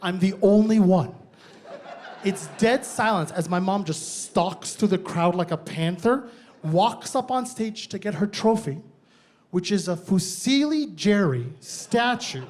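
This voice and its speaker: High-voiced man doing animated stand-up. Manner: animated, quick storytelling with punchy asides. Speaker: stand-up comedian. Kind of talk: stand-up comedy set. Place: stage.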